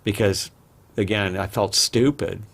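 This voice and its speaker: Unhurried and steady, this man's lowish voice is creaky yet fairly bright in tone. As a podcast guest he rambles through personal stories in a candid, casual interview style, frequently restarting his thoughts.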